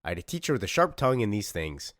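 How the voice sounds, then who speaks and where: A man voicing a calm, commanding warrior woman hero, speaking firm and measured. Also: fairly low pitch, no room sound, studio quality.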